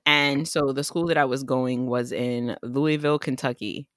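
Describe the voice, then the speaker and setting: A young woman from New tells stories in a loose, casual chat. She is animated and slips into the voices of the people she quotes. Her voice sounds close and dry. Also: very deep voice, moderate pace, dry recording. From New York.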